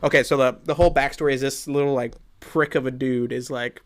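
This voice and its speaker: A man's voice: medium pitch, a little fast. A young man co-hosting a podcast, reviewing a movie in casual, profane chat and acting out the scenes with energy. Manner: excitable, profane, acts out scenes. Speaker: podcast co-host.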